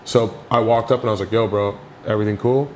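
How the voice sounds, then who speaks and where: A young man with a low voice talks through a story in a relaxed interview, leaning on "like" at every turn. His storytelling is animated, and a faint hiss of background noise sits under the recording. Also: quick pace. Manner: animated storyteller, heavy "like" fillers. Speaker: podcast guest.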